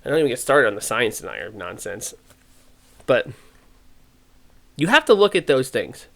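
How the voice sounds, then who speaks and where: A man hosting a podcast, talking in an animated, ranting way and acting out the voices he quotes. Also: medium pitch, moderate pace, gravelly. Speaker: podcast host. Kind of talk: casual podcast opinion talk.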